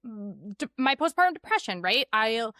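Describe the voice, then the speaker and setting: A woman in her thirties co-hosting a podcast, chatting in an animated way with lots of fillers. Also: fairly high pitch, a little slow, dry recording, studio quality. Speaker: podcast co-host. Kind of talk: casual chat.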